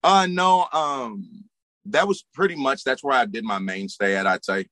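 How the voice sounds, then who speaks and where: A man talking casually about his years as a bouncer, easygoing and full of fillers. His voice is bright and forceful. The sound is dry and close, with little room. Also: medium pitch, normal speed, dry recording. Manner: laid-back storytelling with frequent fillers and laughs. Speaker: interview guest, former bouncer. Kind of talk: casual conversation.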